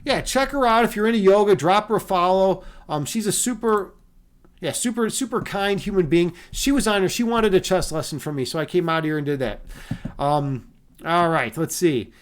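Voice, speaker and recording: Guy with a high voice rambling to his chat on stream, swears a bunch, keeps restarting. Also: moderate pace. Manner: loose and profane, rambling with restarts and laughs. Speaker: livestreamer and meditation teacher. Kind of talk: casual livestream chat reading viewer comments.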